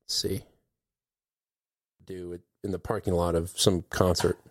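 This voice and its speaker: A man's voice: sits low, level tone, a little slow, dry recording, studio quality. A man hosting a podcast in casual chat, often laughing between his remarks. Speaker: podcast host.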